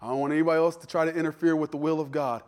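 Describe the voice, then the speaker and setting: High-voiced preaching pastor. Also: male voice, rapid-fire. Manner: lively preaching, dropping to soft asides and acting out voices. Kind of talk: sermon. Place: church.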